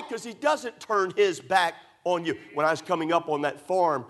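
A pastor from Maryland delivers a sermon in a church, his voice sitting a little higher than most men's. He mixes homey stories with emphatic rhetorical questions. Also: normal speed, hardly any pauses, a bit bright. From United States (Maryland). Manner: folksy storytelling preacher, rhetorical questions, emphatic.

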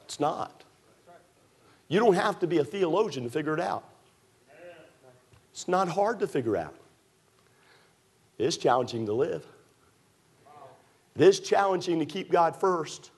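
A man preaching a fervent sermon in a church, with a repetitive, rising cadence that climbs toward near shouts. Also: medium pitch, husky. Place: church sanctuary.

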